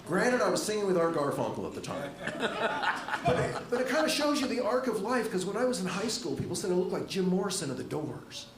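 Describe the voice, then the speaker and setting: A middle-aged male stand-up comedian on stage at a comedy club, delivering jokes with a dry, wry deadpan through a handheld mic. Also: fast talker, crowd noise. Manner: dry, wry deadpan with lively jumps in pitch. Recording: echoey club room with audience laughter.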